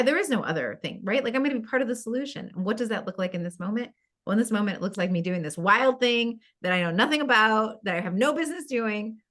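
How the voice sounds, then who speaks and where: A middle-aged woman, a podcast guest, telling a personal story in an animated way, with many asides. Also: mid-range voice. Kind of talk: storytelling in an interview.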